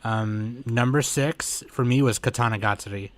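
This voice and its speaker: Laid-back young man, middle pitch. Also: normal speed. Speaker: podcast co-host. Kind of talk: casual podcast chat.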